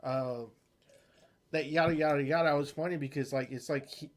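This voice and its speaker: A man's voice: a little high, fairly even intonation, moderate pace. A man co-hosts a casual podcast in a slightly raised voice. He rambles through his stories, laughs often and swears freely. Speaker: podcast co-host. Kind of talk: casual chat.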